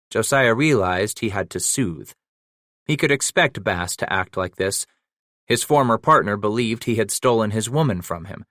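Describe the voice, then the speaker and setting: A man reading a western audiobook in steady, measured scripted narration. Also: fairly low pitch, dry recording. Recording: dry close studio recording.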